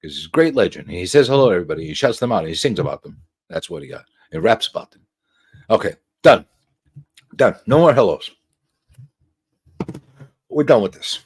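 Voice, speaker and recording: A man's voice: fairly low pitch, sing-song, brisk, long pauses, slightly rough. A man hosting a casual livestream talk show, joking with his panel, swearing freely and drawing out his points with emphatic asides.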